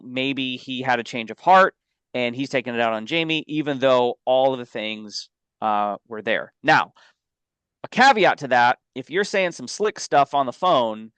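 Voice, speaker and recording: Emphatic man with a smooth voice. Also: mid-range voice, fairly bright tone, no room sound. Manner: emphatic and conversational, tells stories with asides. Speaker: life insurance agent and co-host. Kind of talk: casual business podcast talk.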